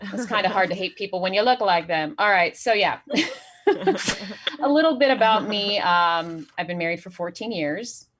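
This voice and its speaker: A woman's voice: medium pitch, normal speed, background noise. Brief: woman from Saudi Arabia doing stand-up, mid-range voice, dry punchlines, chuckles at her own jokes. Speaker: stand-up comedian. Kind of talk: online stand-up set.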